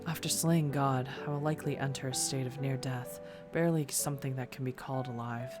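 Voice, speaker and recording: A woman reading aloud a young man's farewell letter from a game, measured and soft, in her own voice. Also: a bass voice, steady tone, pitched below the performer's own voice. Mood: solemn. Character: young man writing a farewell letter, solemn. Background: game music.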